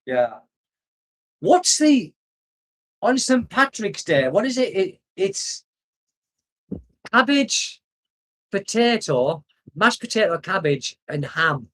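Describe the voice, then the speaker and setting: Older british guy rambling on about the old days in a livestream, laughs a lot, voice sits a bit high. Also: big pitch swings, slow pace, long pauses, a bit bright. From United Kingdom. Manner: rambling, nostalgic, laughs often. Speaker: expat vlogger reading live chat. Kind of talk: casual livestream chat. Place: home in the Philippines.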